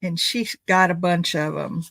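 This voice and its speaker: A woman's voice: fairly low pitch, steady tone, unhurried, vocal fry, a bit bright, no room sound, low-quality recording. A woman making a craft video, chatting in a rambling, thinking-aloud way as she opens gifts at home. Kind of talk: casual chatty unboxing.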